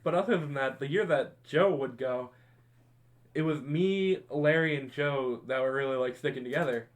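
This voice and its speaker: A young man hosting a podcast, telling high school stories to friends in a casual way, often laughing and acting out what his friends said. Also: moderate pace. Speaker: podcast host. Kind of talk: casual storytelling among friends.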